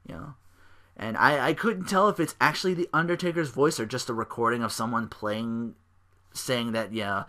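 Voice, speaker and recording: A man hosts a casual solo podcast and recaps events in a loose, rambling way. He leans on fillers and swears freely. His voice has a bright, forward edge. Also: on the low side, fairly even intonation, normal speed. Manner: rambling, profane, lots of fillers. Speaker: podcast host.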